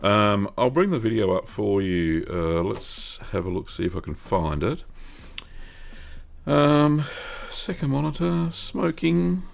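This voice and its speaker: Gravelly low-voiced Australian man. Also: big pitch swings, slow pace. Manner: rambling, filler-heavy, brighter when greeting viewers. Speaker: live-stream host. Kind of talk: live-stream Q&A chat.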